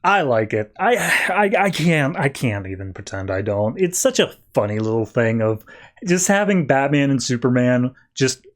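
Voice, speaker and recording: A man's voice: mid-range voice, big pitch swings, moderate pace. Man, podcast host, casual comic recap, enthusiastic storytelling.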